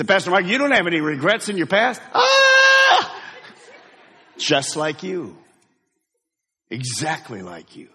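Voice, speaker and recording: A man's voice: on the high side, fairly bright tone, slightly rough, long reverb tail. A man preaching a sermon as pastor, emphatic and direct, having the congregation repeat lines after him. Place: church sanctuary.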